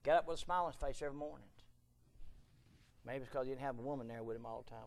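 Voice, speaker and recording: Gravelly preacher man, fervent. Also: medium pitch, rapid-fire, long pauses. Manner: shouting, rising to fervent preaching. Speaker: pastor. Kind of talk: sermon. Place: church sanctuary.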